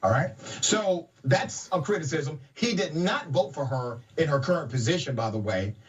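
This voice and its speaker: A man's voice: on the high side, lively intonation, normal speed. A man co-hosting a podcast, giving political commentary in a wry, sardonic way. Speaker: podcast co-host. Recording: dull audio from a distant mic.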